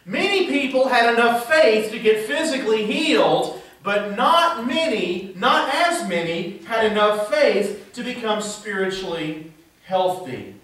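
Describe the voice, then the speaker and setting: A man's voice: high-pitched, expressive, unhurried, a bit bright. A male pastor preaching a sermon in a church, asking the congregation rhetorical questions. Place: church sanctuary. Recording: very echoey church heard from a distance.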